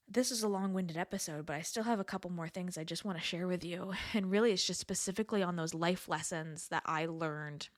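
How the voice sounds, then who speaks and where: A young adult woman hosts a solo podcast, talking straight to her listeners in a chatty, earnest way. Her voice sits a little low for a woman, and she laughs often and repeats words for emphasis. The sound is dry and close, with almost no room echo. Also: a little fast, hardly any pauses. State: has the hiccups. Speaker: podcast host. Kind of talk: casual solo podcast talk.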